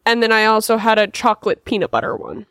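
A woman's voice: a little high, sing-song, fast talker, vocal fry, a bit bright, no room sound, clean studio sound. A young woman co-hosting a casual chat, playful and bickering. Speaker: co-host.

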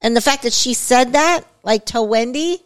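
A woman's voice: a little high, moderate pace. A woman co-hosting a podcast in casual chat, talking in a chatty way with many fillers and asides. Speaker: podcast co-host.

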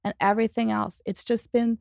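A woman talks as a guest in an interview, telling stories fast and animated and acting out each quote along the way. Her voice sits a little high and carries a gravelly fry. The sound is close and dry, with no room around it. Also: no room sound. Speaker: psychic medium and author, guest. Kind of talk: storytelling in a podcast interview.

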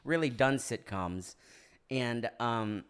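A man's voice: slow, clear, resonant tone. A man in his thirties, a podcast guest and actor, chatting casually and animatedly and laughing often. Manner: animated, jumps into high-pitched silly impression voices, laughs often. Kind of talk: casual chat.

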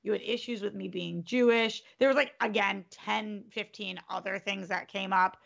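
Gravelly-voiced woman telling a story. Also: mid-range voice, moderate pace, lo-fi sound. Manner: animated, acts out quotes, swears freely. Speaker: storyteller in a group chat. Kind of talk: casual storytelling.

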